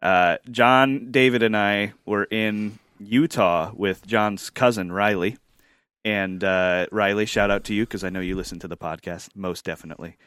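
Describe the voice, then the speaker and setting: A man co-hosting a podcast, telling stories in a rambling casual way with many fillers and pauses. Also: lowish voice, fairly bright tone, clear, resonant tone, dry recording, studio quality. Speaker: podcast co-host. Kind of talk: casual storytelling chat.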